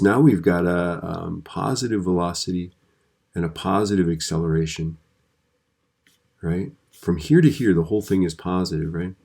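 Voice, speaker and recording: A man's voice: deep voice, vocal fry, a little mellow. A man teaching a physics video lesson in a conversational way, often checking in with the listener.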